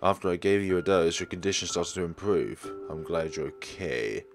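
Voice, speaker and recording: A calm, caring young companion in a horror game, read by a man. He talks gently and earnestly in a very deep voice, with faint music in the background. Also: normal speed.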